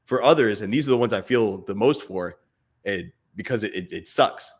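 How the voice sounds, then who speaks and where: A man's voice: on the low side, expressive, normal speed. A man in his thirties co-hosting a casual fatherhood chat, earnest and talking in bursts. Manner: earnest, speaks in bursts, imitates barking dad voice. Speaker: podcast co-host.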